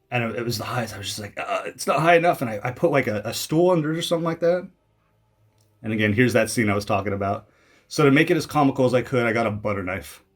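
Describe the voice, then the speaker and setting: Rambling, self-mocking young man from Canada. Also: mid-range voice. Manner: rambling and self-mocking, many fillers and restarts. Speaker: YouTuber commenting on his own old video. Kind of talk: casual video commentary.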